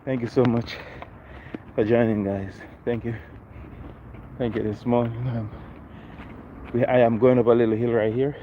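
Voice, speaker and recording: A man's voice: medium pitch, little pitch movement, moderate pace, long pauses, narrow, tinny audio, slight background noise. A man hosting a casual live walking vlog on a residential street, chatting with viewers and greeting them by name. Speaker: livestream host.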